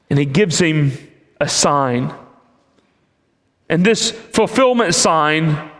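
A man preaching a sermon in an emphatic way, with long pauses between phrases. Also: sits high, fairly bright tone. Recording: long hall reverb.

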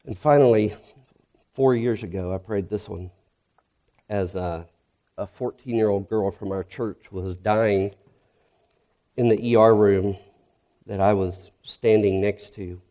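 A male pastor giving an earnest, reflective sermon that grows quiet and soft in its heavier moments. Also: on the low side, fairly even intonation, takes it slowly, pauses often.

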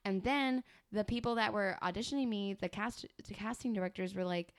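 Young woman, comedic banter, dramatic, self-absorbed, rambling, lots of fillers, middle pitch. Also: a little fast.

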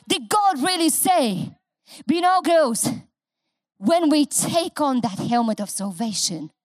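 A woman's voice: high voice, no echo, studio quality. A middle-aged woman pastor with a non-native English accent, preaching an impassioned sermon and repeating phrases for emphasis.

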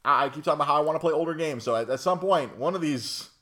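A man's voice: a little high, very fast, bright, forceful tone. A young man hosting a casual chat, rambling with lots of fillers and restarts. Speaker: podcast host.

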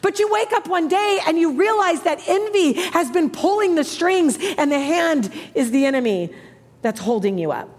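A woman in her thirties preaching a sermon with passion, moving between hushed, soft lines and emphatic ones. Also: very high-pitched, lively intonation, moderate pace. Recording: long hall reverb.

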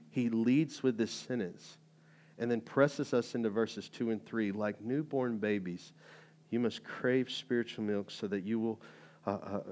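A man preaching a sermon in a conversational, animated way, full of fillers and rising emphatic bursts. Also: lowish voice. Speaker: pastor.

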